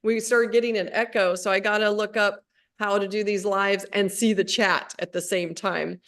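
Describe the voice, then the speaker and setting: A woman hosting a relaxed spiritual chat on a live stream, her voice sitting at an ordinary middle pitch. She wanders through her thoughts, breaking off and restarting sentences and leaning on fillers as she goes. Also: normal speed. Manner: rambling, with many restarts and fillers. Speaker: host of a spiritual livestream. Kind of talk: casual conversation. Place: at home, on a live video stream.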